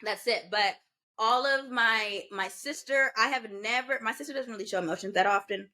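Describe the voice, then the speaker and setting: A woman in her twenties co-hosts a podcast, telling stories animatedly in a casual chat and slipping into the voices of people she quotes. Her voice sits on the high side and she talks at normal speed.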